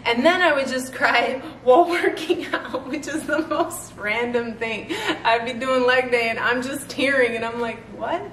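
A woman's voice: a little high, fairly even intonation, moderate pace, hardly any pauses, fairly bright tone, distant mic. A woman in her thirties chatting casually in a vlog, laughing often as she talks. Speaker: fitness vlogger. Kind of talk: casual chat. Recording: roomy sound from off-mic, faint noise.

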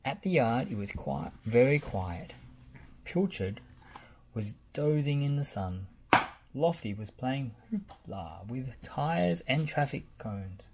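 A woman reads a children's picture book aloud and patiently answers a child between pages. Her voice is very low, mellow and softly breathy. She reads slowly and with plenty of melody. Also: lively intonation, a little hiss or hum. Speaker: reader.

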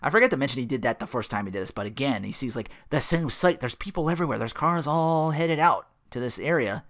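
A man casually retelling a film scene by scene, rambling with lots of "like" and quick laughs. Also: mid-range voice, expressive, fairly bright tone. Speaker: channel host retelling a film.

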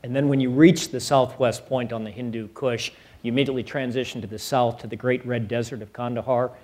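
A middle-aged man, an army general, giving a public lecture in a measured way, with many fillers and some dry humor. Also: mid-range voice, fairly even intonation, darkish tone. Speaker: guest speaker, army general. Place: lecture hall.

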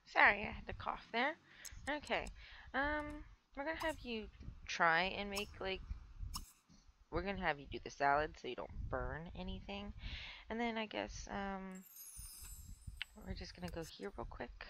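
A woman's voice: mid-range voice, measured pace, long pauses, bright, forceful tone, a little hiss or hum, poor audio. A young woman with a stuffy nose giving casual, rambling let's play commentary, chatting to the characters on screen. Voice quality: rambling, filler-heavy, talks to the game characters. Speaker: gameplay streamer.

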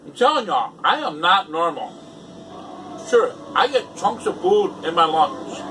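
A man's voice: high-pitched, very animated, measured pace, bright, forceful tone, slight background noise. A man talking casually to the camera as a YouTuber, emphatic, repeating pleading warnings over and over. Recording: distant mic with faint music behind.

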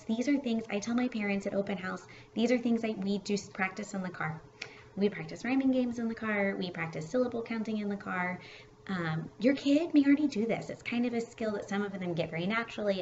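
Woman, kindergarten teacher, casual teaching video, chatty with fillers, mid-pitched voice, faint hiss. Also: lo-fi sound. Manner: chatty, relaxed, with fillers and restarts. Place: at home.

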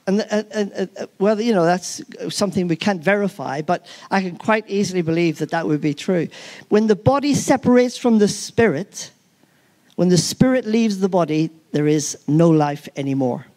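Earnest male preacher, halting and emphatic. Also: high-pitched, darkish tone. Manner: earnest, emphatic, repeats key phrases for weight; halting with frequent restarts. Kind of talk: sermon.

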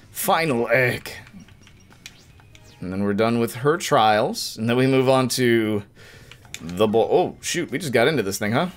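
A young man giving casual, jokey live-stream commentary while playing a video game, with quick bursts of frustration. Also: mid-range voice.

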